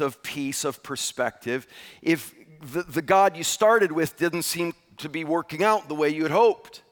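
A male pastor preaching a sermon, telling stories with animated, emphatic delivery. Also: a little high. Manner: animated storytelling, acts out shouted quotes. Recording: long hall reverb.

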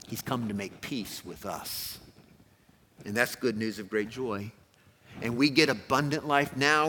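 A male pastor preaching with a lively, swinging delivery that jumps from ringing calls to near-hushed lows. His voice is bright and forward, carried by the long reverb of a large hall with a faint hiss underneath. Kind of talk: sermon.

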